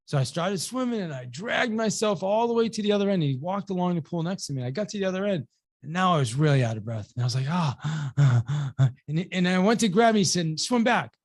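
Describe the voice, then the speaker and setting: A man's voice: sits high, expressive, fast talker. A man hosting a webinar, telling a personal story with energy, acting out both sides of the dialogue, often repeating words and restarting. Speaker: webinar host and real estate coach.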